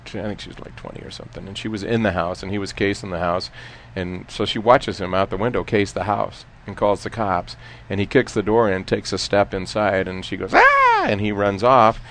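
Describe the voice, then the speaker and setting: A man telling courtroom stories in a casual chat, laughing often and trailing off into quieter asides. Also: fairly low pitch, fairly even intonation, brisk. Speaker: former defense lawyer telling stories.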